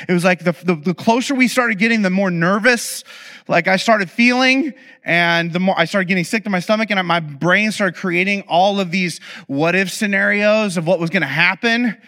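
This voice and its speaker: A man speaks to an audience in a relaxed storytelling way, sliding into funny asides. His voice sits a little high and sounds bright and forward. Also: normal speed. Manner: animated, acts out quoted dialogue; humorous, confiding asides. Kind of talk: conversational storytelling talk.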